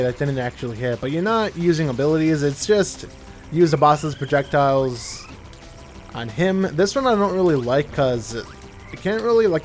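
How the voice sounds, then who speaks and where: A young man giving casual, rambling commentary while playing a video game, often correcting himself mid-sentence. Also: a little high. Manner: rambling, self-correcting, chatty. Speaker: gameplay commentator. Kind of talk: casual let's-play commentary.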